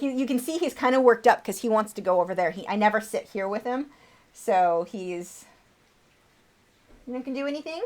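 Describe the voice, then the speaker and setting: Woman, 30s, casual livestream host, chatty and a bit high-pitched. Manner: chatty, coos high at her pet bird. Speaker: artist hosting a livestream.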